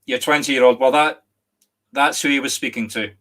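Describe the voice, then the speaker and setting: A middle-aged Scottish man, a medium giving a live reading online, speaking gently and apologetically with many restarts and a catch of emotion. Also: medium pitch, steady tone, normal speed. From Scotland. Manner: emotional, near tears at times. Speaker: psychic medium.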